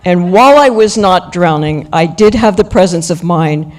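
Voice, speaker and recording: A woman and former astronaut recounting a training story on a panel, told in a lively way. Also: fairly low pitch, normal speed.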